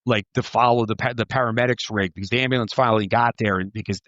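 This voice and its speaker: A man's voice: medium pitch, fairly even intonation, fast, a bit bright. A man tells his old police stories in a loose, rambling way, swearing freely and filling his sentences with "like" and "dude." The sound is dull and muffled, and the room is dry, with no echo. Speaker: former police officer. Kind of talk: casual storytelling chat.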